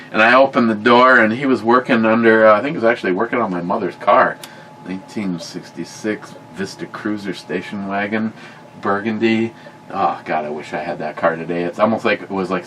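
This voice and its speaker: A man telling a long story in casual chat, often stopping to correct himself and getting animated when he quotes people. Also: lowish voice, fairly quick, slight background noise, low-quality recording. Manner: rambling, self-correcting, animated when quoting. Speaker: podcast co-host.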